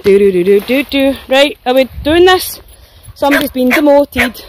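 A woman's voice: high voice, lively intonation, normal speed, background noise. A Scottish woman walking dogs through a wet forest, chatting casually and playfully to her phone and the dogs, with the odd swear. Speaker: dog walker. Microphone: handheld phone while walking.

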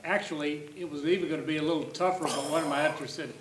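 A man's voice: fairly high pitch, steady tone, racing. Een man die vragen stelt in een galmende zaal. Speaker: interviewer or moderator. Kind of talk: asking questions at a talk. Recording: echoey room, heard from a distance, faint noise.

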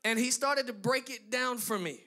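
A high-pitched man delivering a sermon in a bright, cutting tone. He builds emphatic runs of phrases, then turns to chatty asides aimed at his listeners. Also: moderate pace. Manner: emphatic preaching with rising, driving lists; conversational asides to the congregation. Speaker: pastor.

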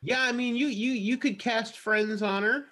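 A man's voice: extremely high pitch, normal speed, sharp tone. A man narrating as the dungeon master of a tabletop game, loose and laughing, with many restarts.

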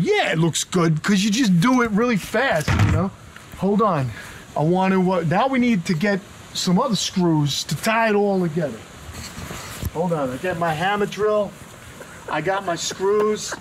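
A brash, wisecracking man with a thick Long Island New York accent talks a viewer through an outdoor build. His voice sits on the high side for a man, and there is loud, steady noise behind him. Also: measured pace. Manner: brash, joking, street-talking. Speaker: reptile channel host. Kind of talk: casual building vlog. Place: backyard, outdoors.

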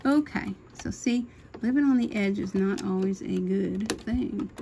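A woman's voice: mid-range voice, unhurried. A middle-aged woman hosting a casual embroidery tutorial from her home sewing room, chatting and thinking aloud as she works. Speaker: sewing channel host. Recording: noisy home recording with machine hum. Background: sewing machine running.

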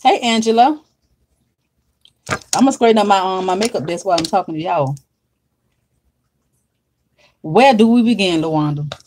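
A woman's voice: mid-range voice, expressive, normal speed, pauses often, noisy background. A woman hosting a casual livestream from her makeup desk at home, chatty and drawling as she greets viewers by name.

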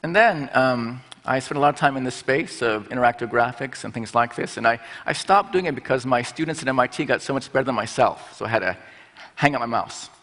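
A man's voice: mid-range voice, animated, brisk, a bit bright. A middle-aged man giving a conference talk on stage as a design school president, playful and acting out little voices. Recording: long hall reverb.

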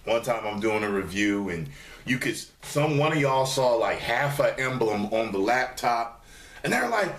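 At medium pitch and a moderate pace, this man vlogs to the camera from his studio's dining room, animated and profane, loudly imitating his commenters. The recording is reverberant, with a little hiss or hum.

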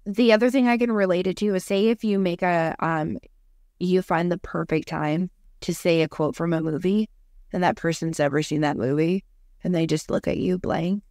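A young adult woman co-hosting a podcast in casual chat, talking fast with lots of "like" and acting out quotes. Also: fairly low pitch, steady tone, a little mellow, dry recording, clean studio sound. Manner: chatty, fillers like "like", acts out quotes. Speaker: podcast co-host.

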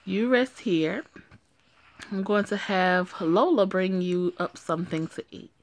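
A calm and proper older caretaker, read by a woman. The story-game lines come measured and soothing. The voice sits at an ordinary middle pitch. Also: lightly acted. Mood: explaining. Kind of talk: reading game dialogue aloud.

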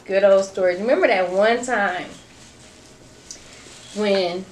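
A woman co-hosting a casual chat, telling an old family story with animated delivery and frequent laughter. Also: mid-range voice, slow pace. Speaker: co-host. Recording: echoey room with faint noise.

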